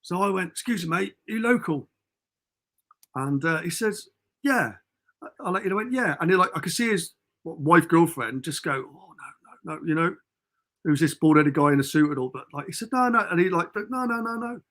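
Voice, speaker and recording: A man's voice: a little high, lively intonation, fairly quick, fairly bright tone. A Cornish man, a podcast guest, telling rambling anecdotes and acting out the quotes. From Cornwall. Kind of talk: casual storytelling.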